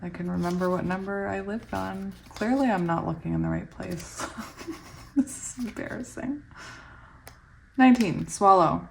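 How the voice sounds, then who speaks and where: Give me a giggly, excitable young woman reading tarot cards out loud. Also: mid-range voice, moderate pace, creaky. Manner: giggly, excitable, often laughing mid-sentence. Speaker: tarot reader.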